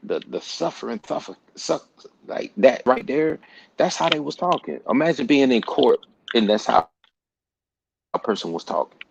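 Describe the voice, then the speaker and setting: A man's voice: mid-range voice, very animated, moderate pace, creaky, long pauses, a little hiss or hum, poor audio. A man hosting a casual group talk, speaking emphatically and repeating words for stress, with casual slang and profanity. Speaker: podcast host.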